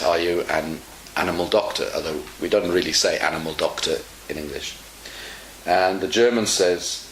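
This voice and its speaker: A man teaching English in a relaxed online lesson, explaining slowly and patiently with many fillers. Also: deep voice. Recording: echoey room with faint hiss.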